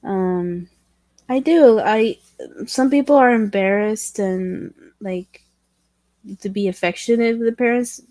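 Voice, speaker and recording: A woman hosting a casual livestream chat with viewers, talking in a halting way with many restarts and self-corrections, candid and self-deprecating. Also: mid-range voice, mellow, no room sound. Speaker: livestream host chatting with viewers.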